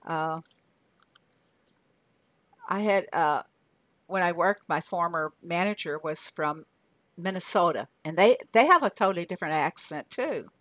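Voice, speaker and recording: A woman's voice: on the low side, expressive, unhurried, pauses often, a bit bright, no echo. Chatty older Southern woman streamer. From Southern US, Arkansas. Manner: chatty, laughs often, answers chat aloud. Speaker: game streamer. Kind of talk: casual live-stream chat.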